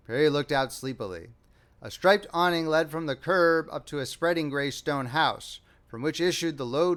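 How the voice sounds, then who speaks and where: A man narrating a classic short story as an audiobook reader, with a wry, expressive delivery. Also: fairly high pitch. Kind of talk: scripted narration.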